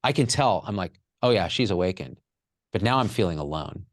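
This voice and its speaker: A man's voice: low-pitched, lively intonation, a little fast, dry recording, clean studio sound. A man telling a raw personal story with candid emotion, swearing freely as a podcast guest.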